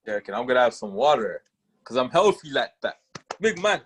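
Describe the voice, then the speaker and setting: A young man co-hosting a casual podcast chat, teasing and joking with loud laughs. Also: mid-range voice, sing-song, a little fast, breathy edge. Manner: teasing, jokey, laughs loudly. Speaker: podcast co-host.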